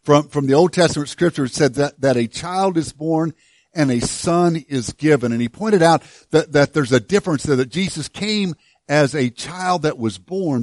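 A middle-aged man delivering a sermon from the pulpit, chatty and self-deprecating, stumbling and restarting as he works through his point. His voice sits a touch higher than most men's, and the sound is dry and close with little room echo. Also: expressive, normal speed, darkish tone. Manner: conversational and self-deprecating, with frequent restarts and humor. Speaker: pastor.

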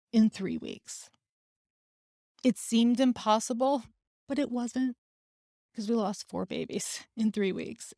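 A woman's voice: a little high, darkish tone, dry recording, studio quality. A woman hosting a podcast, telling a personal story in an earnest, emotional and candid way. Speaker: podcast host.

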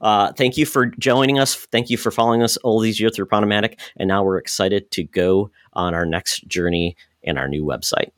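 A man's voice: fairly low pitch, moderate pace, hardly any pauses, no room sound, studio quality. A man co-hosting a podcast, talking casually and thanking listeners in an upbeat way. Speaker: podcast host.

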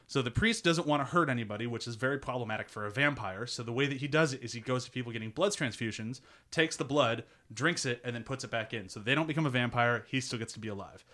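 Bright-voiced man pitching a movie casually. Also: fast, few pauses. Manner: laid-back, laughs often, swears, many "like" fillers.

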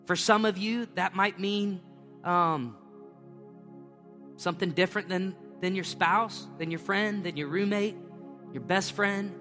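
A man's voice: sits high, measured pace, a bit bright. A middle-aged man preaching a conversational sermon as pastor, emphatic and folksy, repeating his phrases. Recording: reverberant hall with faint music.

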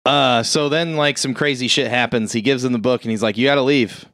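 Young guy, casual recap, profane and animated, squeaks up high for quotes, dry close sound. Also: brisk, dry recording. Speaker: podcast co-host retelling a film. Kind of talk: casual chat.

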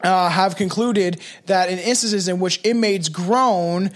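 A Canadian man hosting a dark comedy podcast, chatting casually with swearing and jokes, sometimes reading from notes. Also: high voice, a little slow. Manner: swearing, joking, rambling. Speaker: podcast host.

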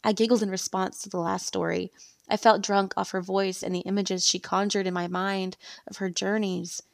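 Gravelly woman reading a story. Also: mid-range voice, normal speed, dry recording. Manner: steady read-aloud storytelling. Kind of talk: first-person story narration.

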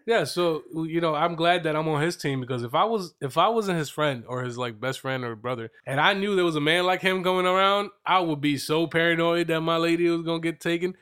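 A man in his late twenties, hosting a casual podcast conversation. He talks in a joking, boastful way and sits a little high for a male voice. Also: fairly quick, few pauses, fairly bright tone, clean tone. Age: late 20s. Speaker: podcast host. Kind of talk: casual chat.

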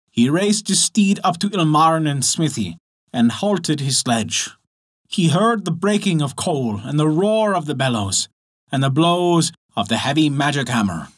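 A man narrating a folktale for a storytelling podcast, measured and dramatic. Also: on the high side. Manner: expressive, measured, dramatic pauses.

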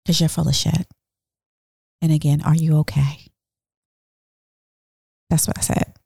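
A woman with a low, gravelly voice hosts her own podcast and tells a story in a casual monologue. She is blunt and animated, swears freely and speaks directly to her listeners. Her tone is mellow and dark, and the sound is close and dry. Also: a little slow, dry recording. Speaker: podcast host.

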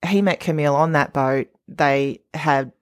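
A woman's voice: sits low, measured pace. A woman co-hosting a podcast in casual recap chat, chatty and laughing often as she acts out quotes. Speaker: podcast co-host.

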